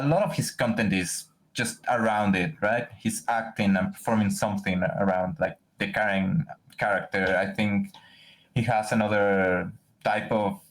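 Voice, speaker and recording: A man's voice: fairly low pitch, low-quality recording. A man co-hosting a podcast in casual chat, rambling with many restarts. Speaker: podcast co-host.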